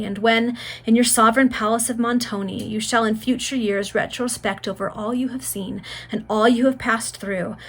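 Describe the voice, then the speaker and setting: A woman's voice: on the high side, a bit bright, breathy edge. A frail young maiden on her deathbed speaks with earnest, rising fervour, read by a woman. Her lines come in a plain storybook reading voice, tender and prophetic.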